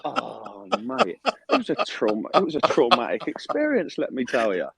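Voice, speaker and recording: A man telling a story with lively, swinging pitch and plenty of swearing. He is calling in from outdoors in his garden, and a faint hiss sits under the phone line. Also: moderate pace, creaky. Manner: animated storytelling with heavy swearing. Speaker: footballer calling in. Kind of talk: casual chat.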